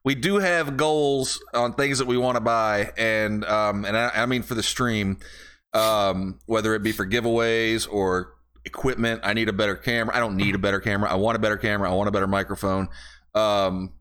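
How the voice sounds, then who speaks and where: A man's voice: lowish voice, steady tone, brisk, a bit bright, clean tone. A man hosting a podcast, joking and rambling in casual chat. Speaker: podcast host.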